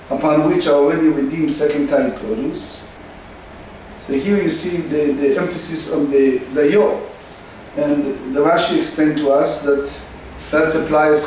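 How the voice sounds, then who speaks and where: Man, Talmud lesson, slow halting explanation, faint background noise. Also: a little high, a little mellow, distant mic. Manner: slow, halting delivery, reading Aramaic then translating. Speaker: Talmud teacher. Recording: echoey room, faint noise.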